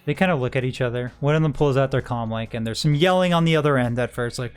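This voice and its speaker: A man's voice: mid-range voice, fast, clean tone, faint music behind. A man running a tabletop role-playing game, narrating and explaining in a casual, reassuring way. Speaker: game master.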